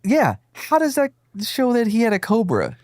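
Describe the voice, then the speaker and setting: A man's voice: very high voice, huge pitch swings, moderate pace, dry recording. Sarcastic man in a dry studio. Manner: sarcastic, profane. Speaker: podcast co-host. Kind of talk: casual joking banter.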